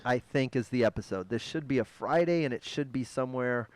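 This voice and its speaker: A man hosting a podcast in loose, rambling chat, turning loud and mocking when he jokes. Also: medium pitch, a little fast, dry recording. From United States. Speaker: podcast host. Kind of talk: casual chat.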